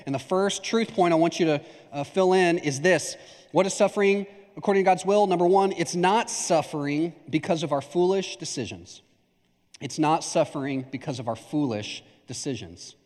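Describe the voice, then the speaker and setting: A man preaching a sermon as pastor, talking in a conversational, animated way with asides and acted-out examples. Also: a little high, moderate pace, long reverb tail.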